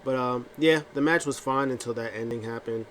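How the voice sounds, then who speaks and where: A man talks through a wrestling episode in a loose, offhand way, stumbling over restarts and fillers. His voice sits at an ordinary mid pitch, with a faint hiss of noise underneath. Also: a little fast. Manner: rambling with many fillers and restarts; acts out quotes in funny voices. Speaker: wrestling recap vlogger. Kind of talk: casual recap talk.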